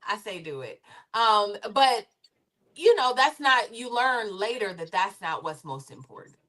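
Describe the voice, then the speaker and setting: A woman on a discussion panel who used to produce reality television. She talks in a loose, rambling, conversational way, with her voice at a middle pitch. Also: very animated, a little slow, sharp tone. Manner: rambling and conversational, with many fillers and restarts.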